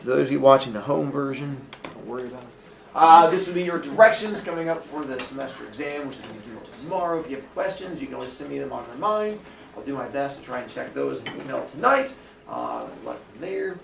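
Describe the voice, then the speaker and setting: A man's voice: mid-range voice, expressive, a little fast, gravelly, a crowd in the background. A man teaching a class, joking and teasing his students as he goes through the lesson. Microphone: distant recorder in the room. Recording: distant, echoey classroom with noise.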